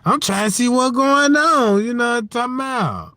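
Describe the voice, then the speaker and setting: An extremely high-pitched, pushed and bright male voice comes through a dry recording at moderate speed. The livestream host rambles through a comic story, laughs a lot, and keeps checking "you know what I'm talking about".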